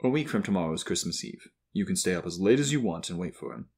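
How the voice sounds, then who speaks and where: A man doing a low, calm, reassuring father. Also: fast, breathy edge, full character voice.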